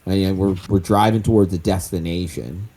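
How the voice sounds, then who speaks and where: Deep voiced guy in an rpg session, warm dark tone, calls the shots step by step. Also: fairly even intonation, fairly quick. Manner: decisive, lays out plans step by step. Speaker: player. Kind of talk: playing a tabletop role-playing game.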